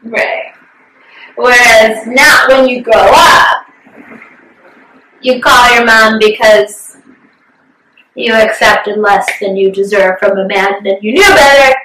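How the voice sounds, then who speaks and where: A woman's voice: fairly high pitch, slow, pauses often, bright, forceful tone, a little hiss or hum. A young woman in her twenties chatting casually, telling an emotional story candidly and swearing freely. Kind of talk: casual chat. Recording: roomy, distant from mic.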